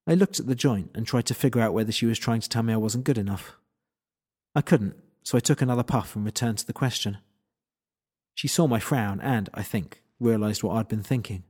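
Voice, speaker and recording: A man's voice: on the low side, a little fast, a little mellow, husky. A man narrating a first-person story in a wry, self-deprecating way.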